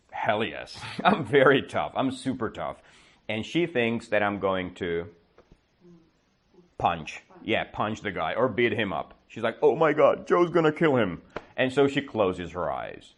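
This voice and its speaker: Guy teaching english, tells a story slow and clear, lots of "right?", deep-ish voice that jumps around a lot. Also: animated, a bit bright. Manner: slow, exaggerated storytelling with comprehension checks. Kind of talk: storytelling lesson with questions to learners.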